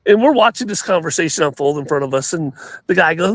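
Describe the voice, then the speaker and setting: A man with a slightly raised, gravelly voice tells stories in a loose, rambling way. He restarts his sentences often and laughs along. The sound is dry and close. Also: on the high side, lively intonation, fast talker, dry recording. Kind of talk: casual storytelling chat.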